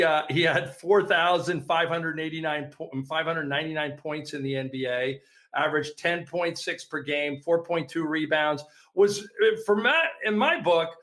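A man's voice: fairly high pitch, fairly bright tone. A man hosting a sports talk interview, eager and chatty, often restarting his questions.

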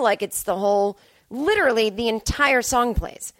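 A woman's voice: a little high, brisk, no room sound. Rambling self-deprecating woman podcaster. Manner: rambling, self-deprecating, animated quoting of herself. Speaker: comedian and podcast host. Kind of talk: casual storytelling monologue.

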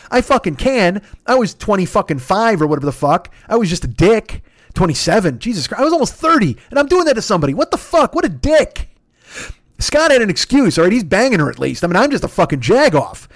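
A man's voice: high-pitched, no room sound, studio quality. A man, hosting a podcast and telling a rambling, profane, self-mocking story full of restarts. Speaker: podcast host. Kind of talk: casual storytelling monologue.

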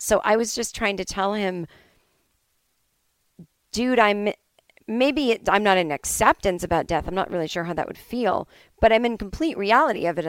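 A woman's voice: mid-range voice, no echo. A woman hosting a solo comedy podcast, telling a candid, chatty story and acting out both sides of a conversation, with some swearing. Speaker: podcast host.

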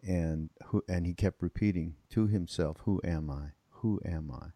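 A man's voice: low-pitched, moderate pace, dark tone, no echo. A man hosting an interview, speaking thoughtfully and restarting phrases as he searches for words. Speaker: host, interviewer. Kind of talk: casual conversational interview.

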